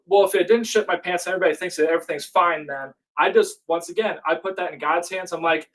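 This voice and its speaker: A man as a podcast guest, talking in a reflective, halting way. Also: sits high, fairly bright tone, recorded from a distance, rough recording. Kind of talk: casual chat.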